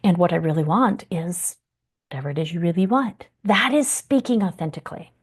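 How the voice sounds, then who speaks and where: A woman's voice: on the low side, brisk, breathy edge. A woman teaching about relationships in an earnest, encouraging way, now and then acting out feelings in big exaggerated voices. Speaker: relationship coach. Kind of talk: teaching talk.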